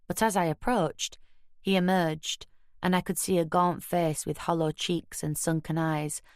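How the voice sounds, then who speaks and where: A woman narrating a crime audiobook in the first person, measured and wry, recorded close on a studio mic. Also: deep voice, no echo.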